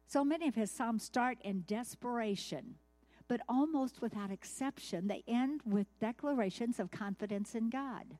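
A woman's voice: on the high side, a little mellow. A woman teaching a devotional sermon in a conversational way, often asking her listeners questions. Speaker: Bible teacher.

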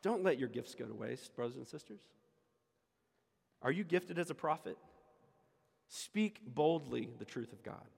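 A man's voice: medium pitch, lively intonation, a little slow, gravelly, long pauses, darkish tone, husky. Emphatic preacher man in an echoey hall. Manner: emphatic, repeats key lines. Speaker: pastor. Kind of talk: sermon. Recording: echoey hall with long reverb.

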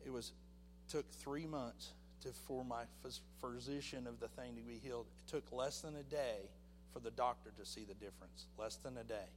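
Man giving an animated church testimony. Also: mid-range voice, moderate pace, long reverb tail, a little hiss or hum. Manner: animated storytelling, acting out voices. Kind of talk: personal testimony.

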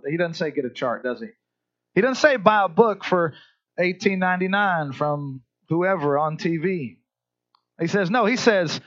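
A man's voice: high-pitched, animated, normal speed, a bit bright, highs cut off. A man preaching a sermon as pastor, talking conversationally, asking the congregation questions and repeating his words. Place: church service.

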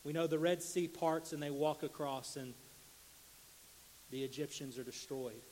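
A man preaching a sermon, walking through Bible stories and reading scripture aloud with animated emphasis. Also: unhurried, big-room sound, a little hiss or hum. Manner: animated reading of scripture, rises in pitch and volume for quoted cries.

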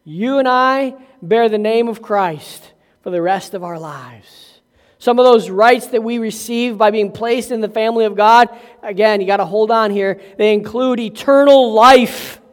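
Older male pastor, high-pitched, emphatic slow preacher in a reverberant hall. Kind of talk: sermon.

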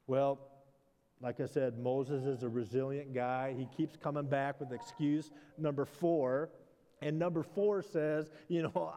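Guy preaching in a big echoey hall, chatty, mid pitch, acts out the back and forth. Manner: conversational, animated retellings with self-deprecating asides. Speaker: pastor. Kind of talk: sermon.

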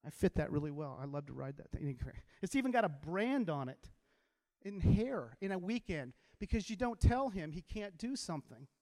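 High-voiced man speaking in a hall. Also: moderate pace. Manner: animated storyteller who gets the crowd to repeat lines. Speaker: teacher giving a motivational talk. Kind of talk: inspirational talk to a live audience. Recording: long hall reverb.

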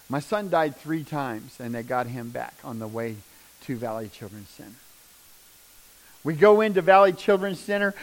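A middle-aged man tells a deeply emotional personal testimony as a father, in a voice pitched slightly higher than most men's. His delivery is raw and intense, dropping to hushed lows and then rising loud again as he speaks.

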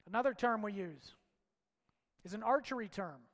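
Male preacher, high voice, impassioned delivery in a reverberant hall. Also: moderate pace. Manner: impassioned, swings from loud shouts to hushed low lines. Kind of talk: sermon.

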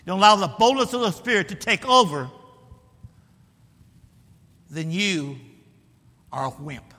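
A man preaching a sermon in a high, lively voice that swings up into bold declarations and drops into teasing asides. His tone is very bright and cutting. The sound rings with a long church-hall reverb. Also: measured pace.

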